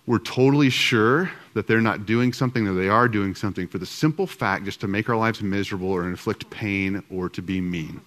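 A middle-aged husband co-presents a group session on marriage with his wife, speaking casually and self-deprecatingly with many fillers and restarts. His fairly low, slightly bright voice moves a little fast with hardly any pauses.

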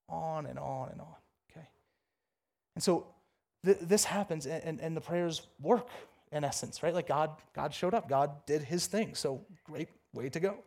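Animated, high-voiced male preacher. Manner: animated, jokey storytelling with big pitch swings; reads scripture aloud, then riffs casually. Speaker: pastor. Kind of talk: sermon.

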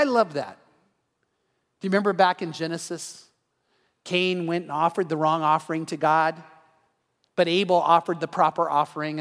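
High-pitched guy preaching, lots of stammered restarts, echoey church sound. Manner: animated, acts out quoted voices, many restarts. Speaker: pastor. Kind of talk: evening sermon.

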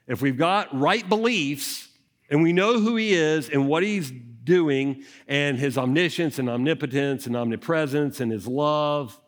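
A man preaching a conversational sermon, animated and full of rhetorical questions. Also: fairly high pitch, measured pace.

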